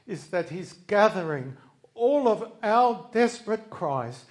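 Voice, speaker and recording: A man preaching a sermon in an earnest way, swinging from loud quoted cries to hushed asides. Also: sits high, very animated, slow pace.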